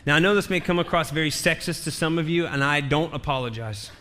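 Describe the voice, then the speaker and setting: A man's voice: on the high side, fast, noisy background. A male pastor preaching a sermon in a church, telling a story with humor and emphatic repetition.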